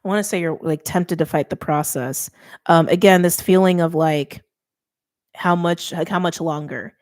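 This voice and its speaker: A woman's voice: lowish voice, normal speed, darkish tone. A young adult woman giving a chatty, emphatic tarot reading, interrupting herself often. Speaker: tarot reader.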